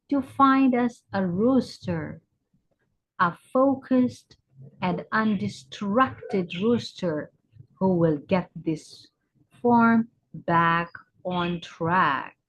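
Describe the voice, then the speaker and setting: Slow, breathy woman reading a storybook. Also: medium pitch. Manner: expressive, unhurried. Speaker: storybook reader, English teacher. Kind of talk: children's storybook read-aloud. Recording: dull lo-fi recording.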